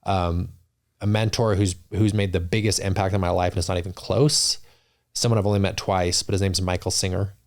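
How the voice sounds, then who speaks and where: A man's voice: sits low, fairly even intonation, fairly quick. A man talking as a podcast guest in casual interview chat, earnest and reflective, often restarting his sentences. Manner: earnest, reflective, many restarts and "you know".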